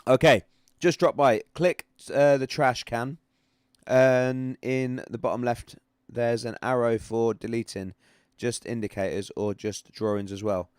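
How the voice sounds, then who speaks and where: A man's voice: mid-range voice, fairly even intonation, measured pace, clean tone, no echo, clean studio sound. A man hosting a casual livestream, chatting about charts in a rambling way that repeats itself. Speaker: livestream host. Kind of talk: casual live-stream chat with chart analysis.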